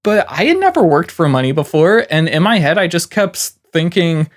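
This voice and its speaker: A man's voice: fairly high pitch, very animated, normal speed. A man who works as a voiceover artist, giving encouraging, conversational advice to beginner freelancers with frequent "you know"s.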